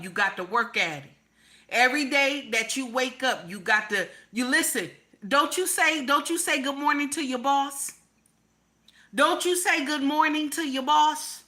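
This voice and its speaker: Forceful, emphatic woman giving relationship advice. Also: medium pitch. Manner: emphatic, repeats lines, profane. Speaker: relationship commentator.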